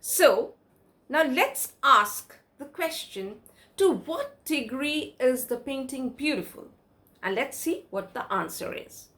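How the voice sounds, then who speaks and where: A woman's voice: sits high, a bit bright. A woman with an Indian English accent teaching a grammar lesson, asking questions and answering them herself.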